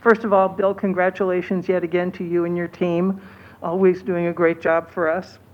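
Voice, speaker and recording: A woman's voice: on the low side, flat delivery, normal speed. A woman school board member asking questions in a conversational way during a public meeting. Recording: dull lo-fi meeting audio.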